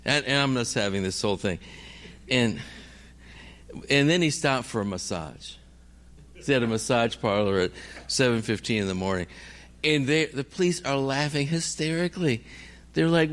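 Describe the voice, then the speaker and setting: A man's voice: medium pitch, lively intonation, moderate pace, a bit bright. A middle-aged man, a missionary preacher, telling a story in a sermon and acting out every voice in it.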